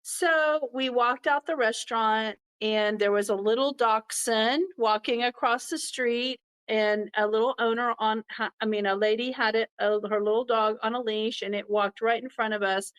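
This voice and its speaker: A woman's voice: a little high, steady tone, normal speed, hardly any pauses, fairly bright tone, clean tone, low-quality recording. A middle-aged woman tells a personal story from the heart and acts out the voices of the people in it. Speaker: podcast host.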